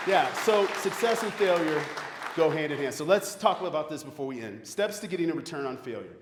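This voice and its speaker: A man giving a motivational speech to a graduating class, an animated storyteller who keeps asking the audience questions. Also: a little high, brisk, a crowd in the background, background noise. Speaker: motivational speaker. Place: large hall with an audience. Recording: echoey hall, long reverb.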